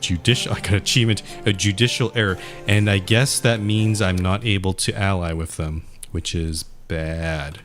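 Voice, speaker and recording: A man's voice: deep voice, fairly even intonation, moderate pace, hardly any pauses, a bit bright, faint music behind. A male streamer giving rambling gameplay commentary, often cutting himself off mid-thought. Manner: rambling, self-interrupting.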